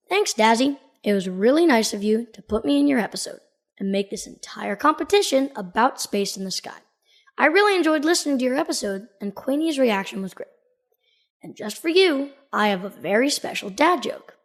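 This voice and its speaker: A woman hosting a podcast in a playful, joking way. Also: a little high. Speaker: podcast host.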